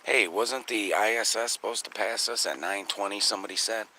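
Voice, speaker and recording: A man's voice: fairly low pitch, brisk. A man hosting a live night-sky watching stream outdoors, chatting with viewers and swearing often. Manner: profane, excitable, talks to chat viewers. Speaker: skywatch livestream host. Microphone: phone.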